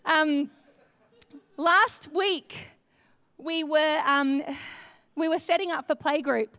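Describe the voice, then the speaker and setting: An Australian woman in her thirties telling a personal story to a church congregation, acting out her own quoted thoughts with lively energy. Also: high-pitched, takes it slowly, no room sound. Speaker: church speaker.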